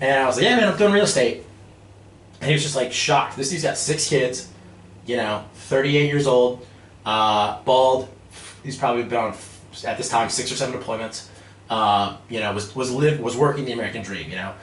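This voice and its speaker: Male guest, 30s, animated storyteller, heard from a distance in a roomy space. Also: medium pitch, moderate pace. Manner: animated, laughing, lots of fillers. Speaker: guest, real estate developer. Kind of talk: casual storytelling. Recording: echoey room, distant mic, faint noise.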